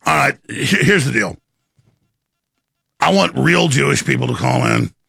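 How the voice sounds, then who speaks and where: A man hosting a live call-in talk show, animated, incredulous and pressing his caller. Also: medium pitch, a little slow, creaky, breathy edge, no room sound.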